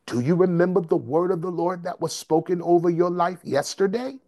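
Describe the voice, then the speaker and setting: A man preaching a sermon in a slow, rhythmic cadence, repeating and building phrases. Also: sits high, dark tone. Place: service streamed over video call and conference line.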